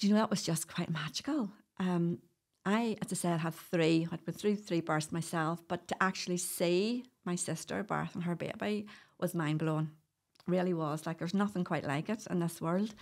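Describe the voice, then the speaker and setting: Chatty Northern Irish woman, gravelly voice. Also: lowish voice, moderate pace. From Northern Ireland. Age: middle-aged. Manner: chatty, storytelling, laughs often. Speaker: guest doula. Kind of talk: casual podcast interview.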